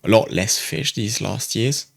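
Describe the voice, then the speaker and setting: A young man from France with a French accent, telling a fishing story as a guest in a casual, animated chat. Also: lowish voice, a little slow, vocal fry, no room sound, clean studio sound. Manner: animated storyteller, loose and chatty.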